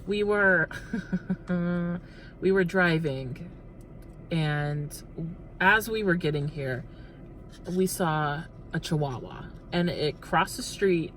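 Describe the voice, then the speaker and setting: A man's voice: fairly high pitch, fairly bright tone, slight background noise. Rambling young man telling a story. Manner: rambling, breathless storytelling with many restarts. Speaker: vlog co-host. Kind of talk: casual chat while driving. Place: inside a parked car at night.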